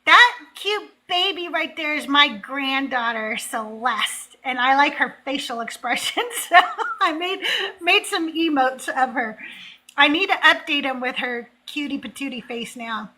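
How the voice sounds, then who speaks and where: Host casting, older woman from southern california, high bright voice, meandering chatty delivery. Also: lively intonation. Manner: rambling, halting with fillers. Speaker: call-in show host. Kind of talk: casual chat.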